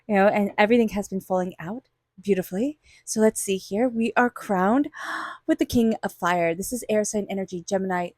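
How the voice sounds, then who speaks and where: A woman's voice: medium pitch, a little mellow, no echo, clean studio sound. A woman tarot reader giving a monthly reading straight to her viewers, chatty and enthusiastic, sometimes acting out little quoted voices.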